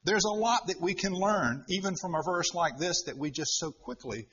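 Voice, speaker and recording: A man's voice: sits high, fairly bright tone, breathy edge. Emphatic man giving a Bible teaching. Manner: deliberate, emphatic, repeats key points. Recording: dull lo-fi recording.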